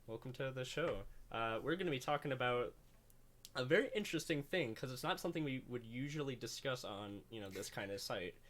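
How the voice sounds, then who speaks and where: A man's voice: medium pitch, animated, fairly quick, fairly bright tone. A young man hosting a casual chat, rambling with lots of fillers and the odd curse. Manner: rambling, full of "like" fillers and swearing. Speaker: host.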